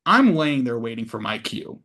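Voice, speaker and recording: A man guesting on a podcast, an actor telling animated, profane backstage anecdotes in casual conversation. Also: mid-range voice, normal speed. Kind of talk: casual storytelling.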